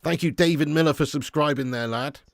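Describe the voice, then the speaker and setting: A man streaming a live football watch-along, reading viewer comments casually, then swearing and shouting at the match as it unfolds. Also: on the high side, a little fast, no echo, clean studio sound.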